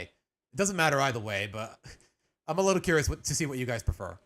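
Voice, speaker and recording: A man's voice: mid-range voice, sing-song, a little fast, fairly bright tone. A young adult man chatting casually on a live stream as he reacts to a video, rambling with restarts and slang.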